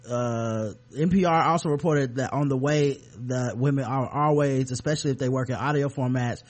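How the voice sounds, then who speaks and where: A man co-hosting a podcast in loose, casual chat, clearing his throat now and then. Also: medium pitch, normal speed, darkish tone. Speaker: podcast co-host.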